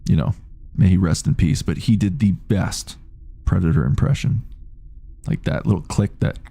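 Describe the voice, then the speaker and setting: A man's voice: low voice, normal speed, creaky, dark tone, husky. A man in his late thirties chatting casually on a game live stream, rambling, swearing freely and reading out chat messages. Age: 30s.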